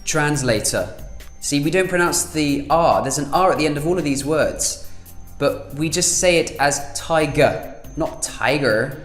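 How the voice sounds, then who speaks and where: A man's voice: fairly high pitch, echoey room, faint music behind. British man teaching pronunciation. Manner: repeats example phrases slowly for emphasis. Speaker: language teacher. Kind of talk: online pronunciation lesson.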